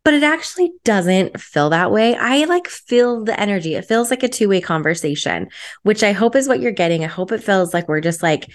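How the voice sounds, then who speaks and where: A woman's voice: mid-range voice, lively intonation, brisk. A young adult woman hosting her solo podcast, chatty and upbeat, with lots of "like" fillers. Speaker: podcast host.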